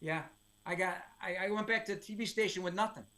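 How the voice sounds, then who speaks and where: A man's voice: sits high, a crowd in the background. A middle-aged man, a sports play-by-play announcer, telling stories as a guest in casual podcast chat. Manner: lively storyteller, quick asides.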